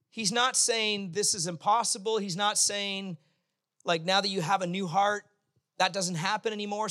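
Bright, high-voiced preaching man. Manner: conversational, humorous preaching with sudden bursts of acted voices. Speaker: pastor. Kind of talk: sermon.

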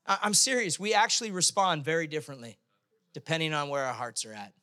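A man preaching a sermon in a casual, humorous way, sometimes acting out quick voices. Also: on the high side, big pitch swings, sharp tone. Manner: conversational, humorous preaching with sudden bursts of acted voices. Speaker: pastor.

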